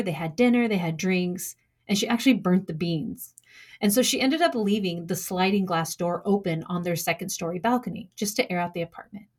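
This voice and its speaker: A young woman telling a true crime story from her own life, measured, with dramatic pauses. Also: on the low side, darkish tone. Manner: measured, dramatic pauses, acts out quoted lines.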